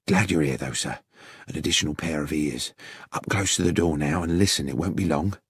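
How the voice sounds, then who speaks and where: A man doing a hushed, urgent police inspector. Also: extremely low pitch, brisk, breathy edge, dry recording, studio quality, pitched below the performer's own voice, full character voice.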